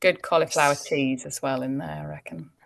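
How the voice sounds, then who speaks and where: A woman's voice: low-pitched, steady tone, a little fast, gravelly. A woman, an actor chatting as a guest and telling anecdotes with frequent ums and laughs. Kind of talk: casual interview chat.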